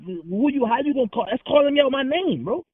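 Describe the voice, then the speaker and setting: A man with an extremely high-pitched voice talks fast and animatedly as a podcast guest, heated and confrontational. He's full of slang and keeps repeating himself, and the recording sounds tinny, like a phone.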